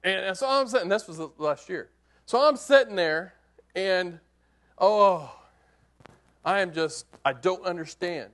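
A man preaching, telling a hunting story as a sermon illustration in an animated, conversational way that swings from hushed to excited. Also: high voice, a little slow, pauses often.

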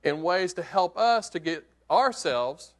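Man, preacher, sermon storytelling, slightly high voice, animated, swings hushed to loud. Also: a little slow. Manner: animated storyteller, rises to excited outbursts.

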